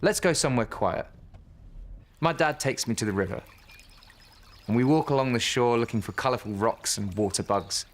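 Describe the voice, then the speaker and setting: A man reading a children's bedtime story aloud in a gentle, unhurried way. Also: medium pitch.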